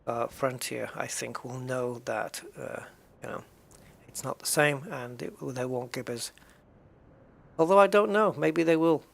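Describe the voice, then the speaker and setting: A man's voice: mid-range voice, a little slow, vocal fry. A tired English man chatting casually on a game livestream, greeting viewers by name with self-mocking jokes. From England. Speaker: streamer.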